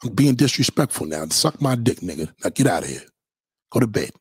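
Brooklyn man, husky, profane roast-style livestreamer. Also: mid-range voice, very animated, brisk, no echo. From Brooklyn, New York. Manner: profane, mocking, loud bursts of insults. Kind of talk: trash-talking livestream rant.

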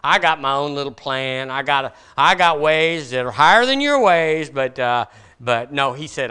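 A male pastor preaching a sermon emphatically, rising to strong declarations and dropping to quiet asides. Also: medium pitch, expressive, moderate pace, clear, resonant tone.

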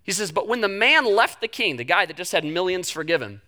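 A young man preaching a sermon, telling the story with animated delivery and acting out the quoted voices. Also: sits high, a little fast. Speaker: pastor.

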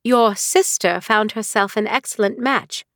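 A woman's voice: medium pitch, unhurried, no room sound, studio quality, lightly acted. A woman voicing a stern aristocratic mother who speaks in cold, clipped, dismissive lines in an audiobook. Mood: icy. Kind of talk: audiobook character reading.

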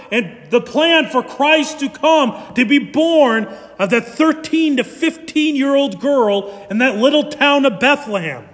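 Male pastor, very high voice, slow deliberate sermon, long hall reverb. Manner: animated preaching, slow and emphatic.

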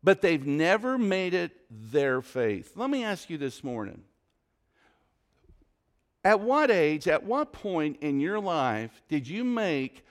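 A man preaching a sermon to his congregation as pastor, repeating and varying his questions with dramatic emphasis. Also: a little high. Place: church sanctuary.

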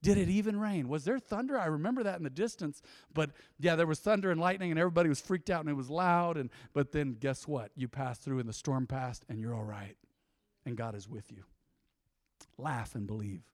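A man's voice: a little high, a little fast, no echo, clean studio sound. A male pastor preaching a sermon, calling for responses from the congregation, joking and laughing, then leading an altar call and praying with rising fervor. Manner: call-and-response, playful with laughs, swelling into fervent prayer.

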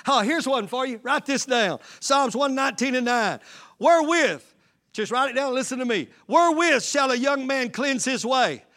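High-voiced fervent preacher man. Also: animated, a little slow, pushed and bright. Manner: fervent, repetitive call-and-response preaching. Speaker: pastor. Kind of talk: sermon.

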